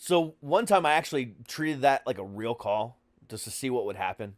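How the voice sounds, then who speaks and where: A man's voice: medium pitch, moderate pace, no echo, clean studio sound. A man hosting a podcast, telling comic stories casually and acting out the scenes with frequent laughter. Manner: animated, laughs often, acts out scenes. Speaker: podcast host.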